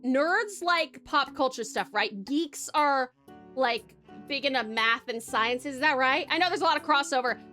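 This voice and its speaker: Young aussie girl streaming, high bubbly voice, giggles a lot, calls everyone babes. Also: unhurried, pushed and bright, soft background music. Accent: Australian. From Tasmania, Australia. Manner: bubbly and giggly, greets chat by name, calls them babes. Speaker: VTuber streamer. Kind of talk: casual live-stream chat with viewers.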